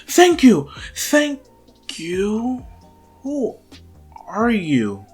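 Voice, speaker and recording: A man voicing an anxious, excitable teenage boy in a fan-made story, stammering in a high voice. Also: slow, faint music behind. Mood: startled.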